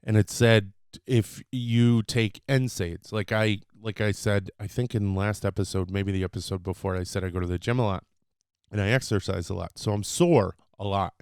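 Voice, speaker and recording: A man hosting his own podcast, chatting loosely and unscripted, teaching short phrases with lots of fillers and the odd excited burst. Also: fairly low pitch, normal speed, clean tone, dry recording, studio quality. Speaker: podcast host.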